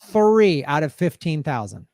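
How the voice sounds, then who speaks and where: High-voiced guy telling a story on a podcast, animated, quotes people, dry mic. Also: a little slow, dry recording. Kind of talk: casual podcast chat.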